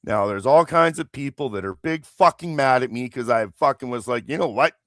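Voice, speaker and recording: A man's voice: fairly high pitch, dry recording, clean studio sound. A man hosting a live stream, delivering an angry, heavily profane political rant into a streaming mic. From Canada. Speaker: livestream host.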